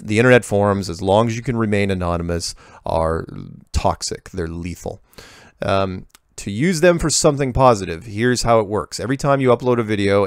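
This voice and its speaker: A man with a low, gravelly voice talks off the cuff, reading viewer emails and commenting on them. He rambles, restarts his sentences and drops sarcastic asides. The sound is dry and close, with no room echo. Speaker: host answering viewer emails. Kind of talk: casual monologue reading emails.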